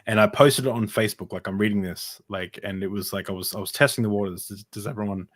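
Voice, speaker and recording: A man's voice: fairly low pitch, steady tone, fast talker, few pauses. A man talking as a podcast guest, telling his personal story in a casual, rambling way with many fillers and restarts.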